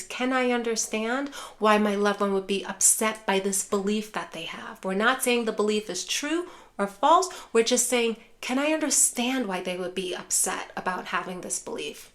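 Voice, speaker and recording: A woman's voice: medium pitch, normal speed, hardly any pauses. A woman teaching caregivers how to talk with loved ones who have dementia, speaking in a reassuring way and often calling her viewers care partners. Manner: acts out caregiver phrases softly. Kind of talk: direct-to-camera teaching.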